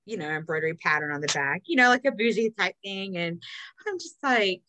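A woman's voice: fairly low pitch, animated, a little fast, sharp tone, slight background noise, low-quality recording. A middle-aged woman from Texas chatting casually as a podcast co-host, swearing freely and filling her talk with ums and laughs. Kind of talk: casual chat.

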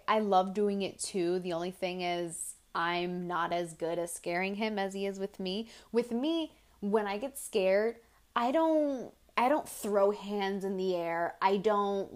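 Slow, rambling young woman podcaster. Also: medium pitch. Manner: rambling, animated storytelling with filler words. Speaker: podcast host. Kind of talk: casual solo podcast chat.

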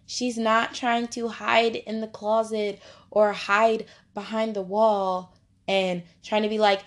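A woman's voice: mid-range voice, flat delivery, slow. A young woman leading a casual Bible study lesson, chatty and upbeat, laughing often and slipping into playful voices.

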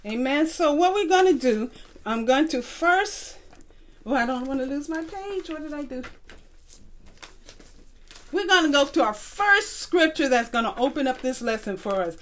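A woman's voice: sits high, animated. A woman teaching a children's Bible lesson in a patient way, asking the class to repeat verses after her. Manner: slow, patient, call-and-response teaching. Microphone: recorded tape.

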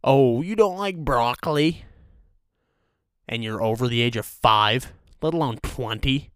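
A young man hosting a comedic rant, crude and profane in a deadpan way. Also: mid-range voice, measured pace, smooth, dry recording, clean studio sound. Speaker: host of a rant show.

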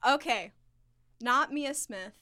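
Bright, giggly young woman. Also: high voice. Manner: giggly, animated, quick to banter. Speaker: guest, band member. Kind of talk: casual interview chat.

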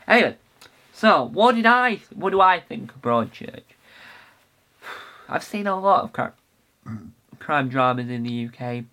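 A man's voice: mid-range voice, bright, forceful tone. A young man hosting his own podcast, talking casually and enthusiastically, rambling with many fillers and restarts. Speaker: podcast host. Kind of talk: casual solo podcast talk.

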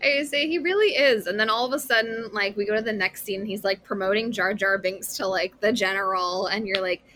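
A woman's voice: medium pitch, brisk, few pauses, sharp tone, slight background noise. A woman co-hosting a casual film podcast, chatty and opinionated, with many "like" fillers. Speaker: podcast co-host. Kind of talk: casual chat about films.

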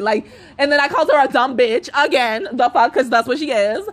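A young woman hosts her own podcast, ranting through a storytime monologue full of cussing and laughter. Her voice sits high and swings widely up and down as she jumps between her own lines and those of the people in the story. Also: expressive, quick pace, a bit bright. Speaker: podcast host.

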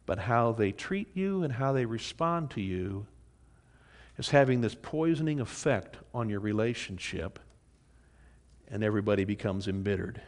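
A man's voice: on the low side, lively intonation, moderate pace. A man preaching a sermon, speaking with passion, often repeating words and restarting as he goes. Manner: impassioned, repeats words and restarts, acts out quoted voices. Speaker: pastor.

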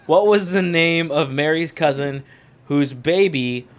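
A man's voice: a little high, a little slow. A man hosting a casual Bible quiz with friends, laughing at himself as he reads the questions. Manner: laughing, self-deprecating. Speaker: host asking quiz questions.

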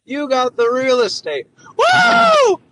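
Man doing a comic impression, stammering old politician, rambling, raised pitch, slow drawl. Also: wildly swooping pitch, raised voice, heavy background noise, full character voice. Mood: rambling bluster. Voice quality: stammering, repetitive, hoarse-edged. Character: rambling elderly male politician, stammering, crude. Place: in a car. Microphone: phone through car system.

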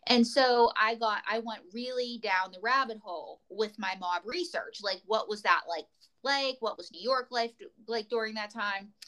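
A woman's voice: a little high, normal speed, pushed and bright, rough recording. A woman comedian telling rambling, tangent-filled stories as a guest in a casual chat. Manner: rambling, tangent-prone storytelling.

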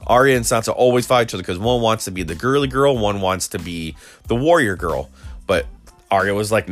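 Male vlogger, low voice, loose rambling delivery over faint music. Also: animated, fairly quick. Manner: rambling, with many restarts and quoted dialogue. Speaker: video creator recapping a TV episode. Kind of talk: casual recap monologue.

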